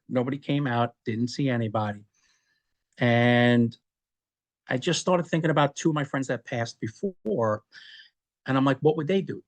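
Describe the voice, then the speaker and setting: Man, middle-aged, interview guest, conversational storytelling, animated, laughs often, repeats words. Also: medium pitch.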